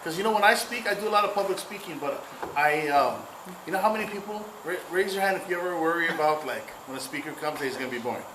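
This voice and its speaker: A man's voice: on the high side, animated, quick pace. Playful man leading an audience talk. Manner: playful, call-and-response with audience. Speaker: cultural speaker. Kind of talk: interactive public talk. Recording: echoey room, noisy ambience.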